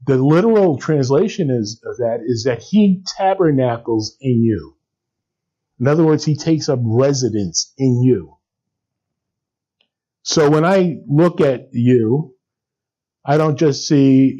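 A man's voice: mid-range voice, dark tone, breathy edge, highs cut off. A man preaching a sermon as a pastor in a conversational way, with frequent fillers and restarts.

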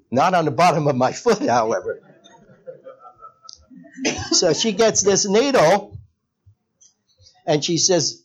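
A man preaches a sermon to a church congregation, speaking slowly with a pitch that swings up and down a lot. He keeps turning to the listeners with questions, and the church recording sounds a little dull and lo-fi. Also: expressive, husky. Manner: conversational, asks the congregation questions. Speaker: pastor.

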